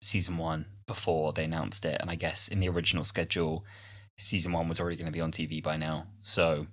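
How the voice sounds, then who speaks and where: A man's voice: rumbling low, level tone, fairly bright tone. A man in his twenties co-hosting a podcast in casual chat, with self-deprecating asides. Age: 20s. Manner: chatty, self-deprecating asides, quick bursts. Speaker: podcast co-host.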